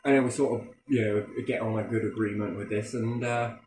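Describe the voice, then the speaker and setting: A man's voice: fairly low pitch, fairly even intonation, fairly quick, a little mellow, slight background noise. A man telling stories in casual chat, blunt and full of swearing, acting out what others said. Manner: blunt, heavy swearing, acts out quoted voices. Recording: echoey room.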